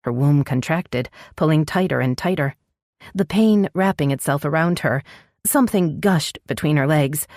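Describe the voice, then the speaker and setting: A woman narrating an audiobook romance in a measured storytelling voice. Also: deep voice, darkish tone, no room sound, studio quality.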